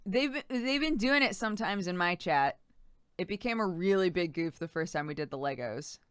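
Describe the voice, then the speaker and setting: A woman's voice: lowish voice, expressive, normal speed, a bit bright, clean tone, no echo, studio quality. A woman streamer chatting casually, giggling and thanking subscribers by name. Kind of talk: casual live-stream chat.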